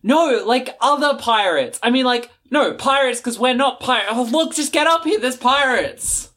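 A flustered pirate lookout, voiced by a woman game master calls out in a raised voice, rambling with filler words. The tabletop-game voice stays lively and jumpy in pitch. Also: moderate pace. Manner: rambling, stumbling over words.

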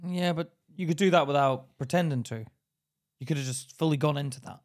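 A man's voice: on the high side, fairly quick. A man co-hosting a podcast, playfully questioning and joking in casual chat. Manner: playful, questioning, bursts into loud laughter. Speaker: podcast co-host.

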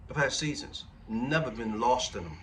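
A man's voice: medium pitch, animated, moderate pace, fairly bright tone, distant mic, a little hiss or hum. A man in his forties preaching a conversational sermon as pastor, often checking in with the congregation through rhetorical questions. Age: 40s.

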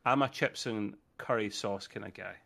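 A man's voice: on the low side, normal speed, creaky, fairly bright tone. A man, co-hosting a casual gaming podcast and trading joking, teasing banter. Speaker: podcast co-host.

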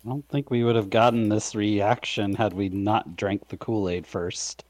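Low-voiced matter-of-fact player. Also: male voice, steady tone, moderate pace, a little mellow, dry recording. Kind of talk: tabletop role-play chat.

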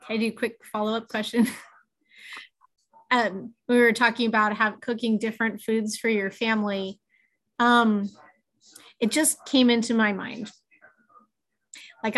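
A woman's voice: fairly high pitch, fairly bright tone. A woman in casual conversation who asks thoughtful questions with some hesitation and fillers.

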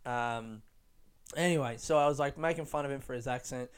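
A man's voice: mid-range voice, fairly quick, smooth. A young adult man, a stand-up comedian, talking in a casual reflective vlog style, rambling with lots of "like", restarts and casual swearing.

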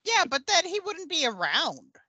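A woman's voice: extremely high pitch, big pitch swings, normal speed, sharp tone, no room sound. A woman co-hosting a podcast, chiming in with wry comments and laughter during casual movie chat. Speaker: podcast co-host.

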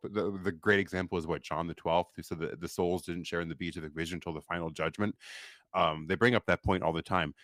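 A man's voice: sits low, fairly even intonation, fairly quick, fairly bright tone, no room sound. A man co-hosting a casual discussion podcast, talking emphatically and reading quotes aloud with comments. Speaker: podcast co-host.

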